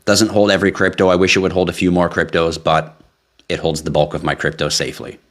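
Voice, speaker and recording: A man's voice: sits low, little pitch movement, fast talker. A man hosting a live stream, chatting casually and with animation straight to his viewers. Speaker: livestream host.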